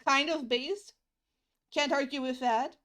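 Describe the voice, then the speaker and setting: High-voiced rambling young woman streamer. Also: steady tone, measured pace, a bit bright. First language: not English. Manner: rambling, repeats herself, swears casually. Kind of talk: casual chat while drawing.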